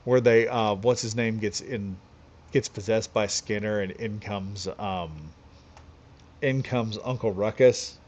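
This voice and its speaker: A man's voice: lowish voice, fairly even intonation, slow, a little mellow. A man chatting casually during a late-night game live stream, rambling loosely and chuckling often as he talks. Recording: slightly dull lo-fi audio.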